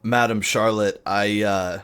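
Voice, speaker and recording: A man voicing a former mobster who speaks with halting, overly formal politeness. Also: on the low side, steady tone, fairly bright tone, clear, resonant tone. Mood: gruff, formal.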